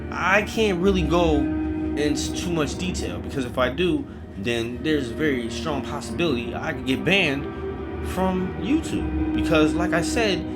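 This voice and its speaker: A man telling a comic story, animated and profane, acting out every character. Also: a little high. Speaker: storyteller host.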